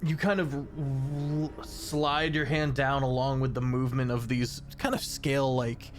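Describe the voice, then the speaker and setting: A man as dungeon master, describing scenes in a halting, rambling way with many fillers. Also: mid-range voice, flat delivery. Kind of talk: narrating a tabletop game.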